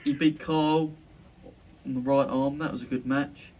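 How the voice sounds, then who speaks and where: A man's voice: medium pitch, flat delivery, a little slow, darkish tone. A man hosting a casual podcast chat, boisterous, joking and sweary. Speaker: podcast host. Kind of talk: casual banter. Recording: distant mic with faint noise.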